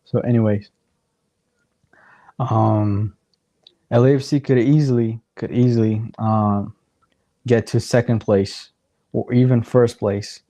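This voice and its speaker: A man talks through a soccer match on a casual watchalong stream, his voice going hoarse. He speaks slowly and unhurriedly in a mellow, dark tone, rambling as he tallies up points and games aloud. The sound is dry and close, with no room echo. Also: medium pitch, fairly even intonation. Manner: rambling, chatty, counts out standings aloud. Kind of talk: casual live match commentary.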